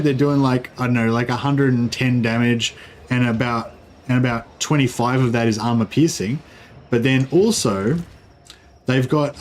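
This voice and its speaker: A man's voice: medium pitch, darkish tone, a little hiss or hum. Rambling male game streamer. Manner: rambling, filler-heavy, explains game mechanics. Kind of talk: casual live-stream commentary.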